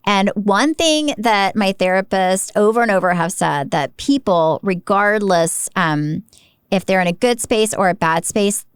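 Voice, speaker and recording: A woman in her forties co-hosting a podcast, telling stories in an animated way and laughing often. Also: mid-range voice, measured pace, clear, resonant tone, dry recording, clean studio sound. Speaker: podcast co-host. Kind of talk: casual podcast chat.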